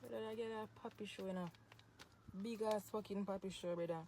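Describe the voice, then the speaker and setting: A woman with a Jamaican accent, a social media poster, rants angrily to camera outdoors in the hot sun, cursing heavily and repeating herself in a heated way. Her medium-pitched voice is steady in tone and a little fast. The background is noisy.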